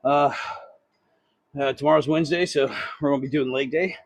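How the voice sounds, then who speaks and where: In a medium-pitched voice with fairly even intonation and a moderate pace, a fitness vlogger, winded after a workout, rambles casually into a phone held near him on an incline treadmill at the gym. His vlog chat is profane and self-deprecating, and there's no room sound.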